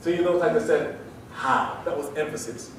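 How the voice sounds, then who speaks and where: A man giving a live seminar talk to an audience, animated and drawing them into call-and-response. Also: a little high, quick pace, slight background noise. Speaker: public speaking trainer. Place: large room with audience. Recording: echoey hall from far off.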